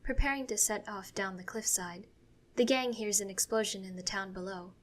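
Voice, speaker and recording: A woman narrates a fan-fiction story in a soft, hushed way. Her voice sits at a medium pitch. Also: moderate pace. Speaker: story reader.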